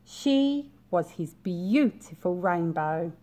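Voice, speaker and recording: A woman teacher reading a picture book aloud to young children, in a gentle storytelling manner. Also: fairly low pitch, animated, slow.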